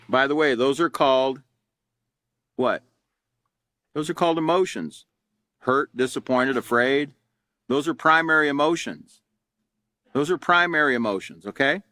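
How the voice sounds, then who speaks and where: A man's voice: fairly high pitch, sharp tone, no echo, studio quality. Folksy man teaching a class. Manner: folksy, conversational, asks the class questions. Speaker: anger management instructor.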